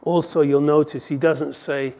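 A male pastor preaching with conviction, his voice pitched slightly above the usual male range. He builds to forceful peaks and then falls quiet to let key lines land. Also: level tone, normal speed. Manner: impassioned, rising and falling in volume for emphasis. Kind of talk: sermon.

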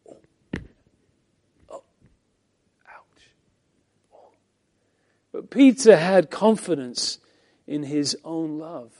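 A male pastor teaching from the Bible in a high-pitched but mellow voice. He preaches expressively, pressing some lines hard and letting others fall almost to a hush. The tone stays soft at the edges, never sharp. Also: extremely slow, long pauses. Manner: expressive preaching, swinging between emphatic and hushed.

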